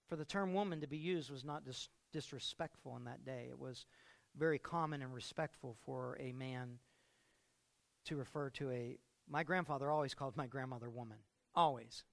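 A man's voice: a little high, brisk, creaky, a bit bright. A middle-aged man preaching a sermon with playful storytelling, acting out scenes. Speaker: pastor.

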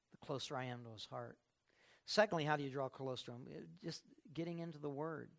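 Emphatic preaching man with a gravelly voice. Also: a little high. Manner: emphatic, rising to loud bursts, acts out quoted people. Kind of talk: sermon.

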